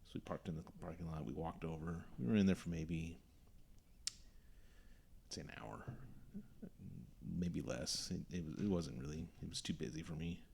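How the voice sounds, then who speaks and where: Gravelly deep-voiced man telling a story. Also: normal speed, pauses often, a little hiss or hum. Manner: animated storyteller acting out quoted voices. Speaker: podcast host. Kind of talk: casual storytelling chat.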